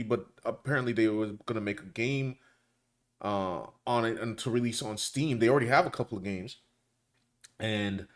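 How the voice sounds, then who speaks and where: Male co-host, easygoing rambler, mid-range voice, casual commentary chat. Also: mid-range voice. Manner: rambling, loose and colloquial, many restarts.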